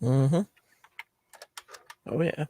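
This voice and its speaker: A man's voice: medium pitch, drawn-out words, dark tone. A man from southern Canada chatting on a stream, laid-back with dry quips. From southern Canada, near Buffalo. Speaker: stream guest. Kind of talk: casual chat.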